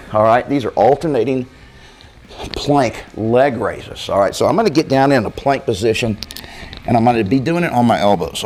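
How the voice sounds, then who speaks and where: A man coaching an abs workout, counting reps out loud as he exercises and talking out of breath. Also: mid-range voice. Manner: counting reps aloud while exercising, casual. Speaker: fitness coach. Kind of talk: workout demonstration.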